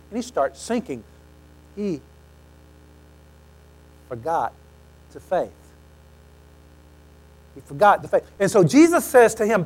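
A man preaching a sermon, telling stories animatedly and acting out quoted lines, often clearing his throat. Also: high voice, big pitch swings, measured pace, long pauses, rough recording.

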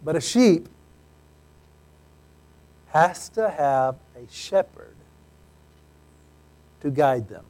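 A man's voice: a little high, animated, extremely slow, long pauses, a little mellow. A man, a pastor, preaching a sermon in a conversational way with joking asides.

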